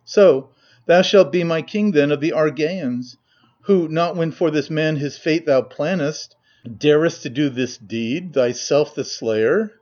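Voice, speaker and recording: A man's voice: a little high, unhurried, darkish tone, muffled recording, close to an everyday voice. A man reading as a chorus of grave old elders. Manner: grave, formal verse recitation.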